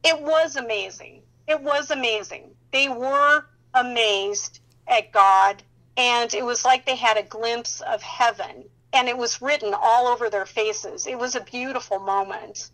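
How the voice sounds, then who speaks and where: A woman telling a faith testimony in a casual, animated way, often laughing and acting out what people said. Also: on the high side, measured pace, low-quality recording. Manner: animated storyteller who laughs often and acts out dialogue. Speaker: Christian counselor sharing her testimony.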